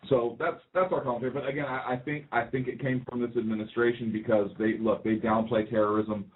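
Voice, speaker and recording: A man's voice: medium pitch, fairly even intonation, fast talker. A man co-hosting a political talk radio show, joking and quizzing his partner, often restarting his sentences. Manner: joking, questioning, repeats himself. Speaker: co-host. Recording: tinny phone-like audio.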